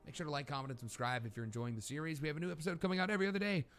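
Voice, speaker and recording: A man's voice: on the high side, steady tone, rapid-fire, a bit bright, soft background music. A man hosting a let's play, thinking aloud as he plays a deck-building card game. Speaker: gaming channel host.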